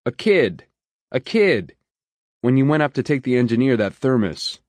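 A man's voice: mid-range voice, big pitch swings, normal speed, darkish tone, no room sound, voice pushed up, lightly acted. A man voicing a chatty, insistent male railroad loader in an audiobook. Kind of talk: audiobook character voice.

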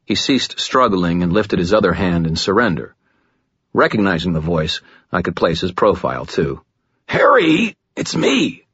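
A man narrating a first-person audiobook, gritty and dramatic, low and steady, close to the mic, in a dull, muffled recording. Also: moderate pace, breathy edge, no echo.

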